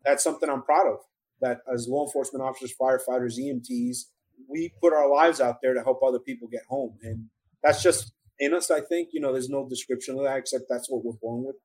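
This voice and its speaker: A middle-aged New York man with a medium-pitched, darkish, husky voice speaks a little fast with fairly even intonation. In an interview, he earnestly recounts his own survival story, restarting emotionally, on a low-quality recording.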